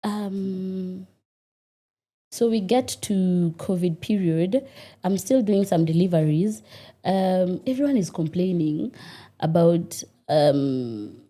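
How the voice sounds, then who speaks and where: Kenyan businesswoman guest, animated storyteller, mellow middle-pitched voice. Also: takes it slowly. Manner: animated, laughs often while telling stories. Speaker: restaurant owner, guest. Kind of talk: casual storytelling interview.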